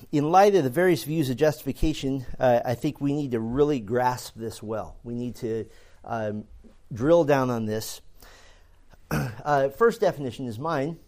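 Guy teaching a theology class, relaxed dark voice, talks it through with ums and restarts. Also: medium pitch, measured pace. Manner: earnest, repeats words while thinking, many fillers. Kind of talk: classroom lecture.

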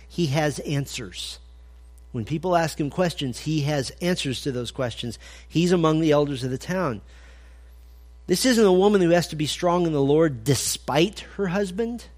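A man's voice: a little high, darkish tone. A man giving a conversational sermon at a men's breakfast. He talks with energy and humor, puts direct questions to his listeners, and acts out little scenes. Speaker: men's ministry speaker.

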